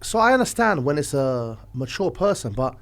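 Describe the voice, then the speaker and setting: Man, podcast guest, casual rambling chat, animated storytelling, mid-pitched voice, loud and quiet by turns. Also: moderate pace.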